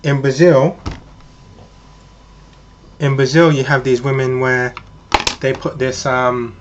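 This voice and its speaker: A man's voice: medium pitch, little pitch movement, slow, lo-fi sound, slight background noise. A man talking in a casual, rambling monologue, speaking to the listener as "you" and using frequent ums. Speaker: vlogger.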